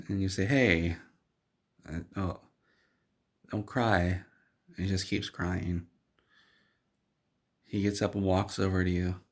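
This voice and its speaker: A male storyteller who narrates an absurd tale in the second person, rambling in a deadpan way. His voice is very low, with a gravelly fry and a husky edge.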